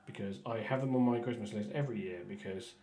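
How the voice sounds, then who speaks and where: A man chatting casually while painting miniatures on a stream, rambling with stumbling restarts and often trailing off quietly. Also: fairly low pitch, fast, echoey room. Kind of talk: casual painting livestream chat.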